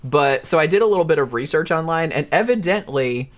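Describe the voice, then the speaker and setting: A man's voice: fairly high pitch, lively intonation, fairly quick. A man co-hosting a casual movie podcast, explaining background in long, hedging run-on sentences. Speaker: podcast co-host.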